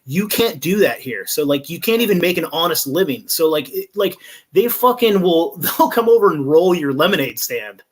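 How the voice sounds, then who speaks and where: A young man hosts a loose podcast chat, swearing freely and laughing as he rants. His voice sits a little high. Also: expressive, normal speed. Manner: profane, ranting, laughs often.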